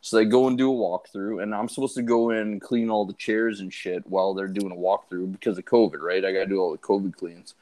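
A man's voice: lowish voice, fairly even intonation, fast talker, hardly any pauses, warm tone. A man chatting casually and bluntly, swearing as he starts a work story. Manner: blunt, profane, chiming in. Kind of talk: casual chat.

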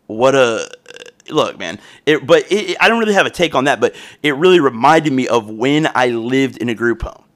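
A man's voice: mid-range voice, expressive, moderate pace, a bit bright. A young man hosting a podcast, telling a story in a loose, profane, rambling way with frequent restarts. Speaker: podcast host.

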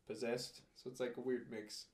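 A young man co-hosting a casual movie review chat, easygoing and slangy, with excited quoted reactions. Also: mid-range voice, normal speed. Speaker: co-host. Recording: echoey room.

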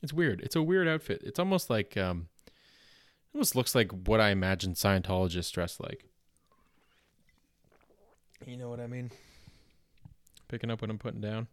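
Rambling Canadian man, low and dry. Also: expressive, moderate pace, long pauses, no room sound. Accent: Canadian English. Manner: meandering, self-deprecating, full of fillers and restarts. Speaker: comedy podcast host. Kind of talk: casual rambling comedy monologue.

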